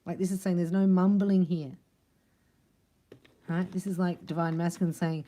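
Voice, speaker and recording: Woman, psychic card reader, mellow, lowish voice, chatty and emphatic. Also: fairly even intonation, moderate pace. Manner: chatty and emphatic, acts out little dialogues. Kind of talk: casual spiritual card reading.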